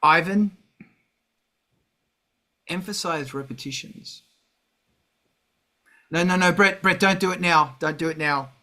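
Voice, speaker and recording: Middle-aged male host, unhurried sweary rant, slightly high, bright tone. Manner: profane, ranting, heavy swearing. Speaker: host of a music livestream. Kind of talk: casual livestream chat.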